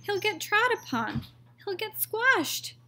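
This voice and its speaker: A woman voicing a blustering, exasperated father who shouts, in a storybook read-aloud. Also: very high voice, very animated, takes it slowly, a little hiss or hum, voice pushed up, exaggerated voice. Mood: fed-up. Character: blustering exasperated father, middle-aged man.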